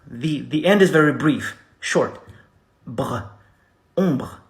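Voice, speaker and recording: Slow, roomy-sounding man teaching phrases. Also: fairly high pitch, expressive. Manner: repeats each phrase slowly for practice; casual, chatty explanations. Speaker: French teacher. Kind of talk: beginner language lesson.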